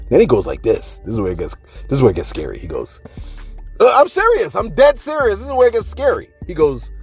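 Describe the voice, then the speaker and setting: A man hosting a celebrity gossip channel, talking casually to viewers with animated rhetorical asides and repeated words. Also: on the high side, fast talker, faint music behind. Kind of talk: casual gossip commentary to camera.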